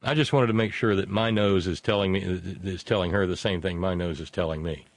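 A man's voice: low-pitched, steady tone, a little fast, no room sound. A man hosting a live radio talk show from a studio, chatting casually in a blunt, jokey way.

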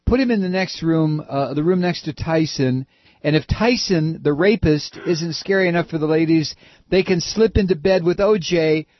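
A man hosting evening talk radio, chatting with callers and making wry, sympathetic remarks. His voice sits a little high for a man. The sound is dry and a bit dull. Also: dry recording. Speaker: radio talk show host.

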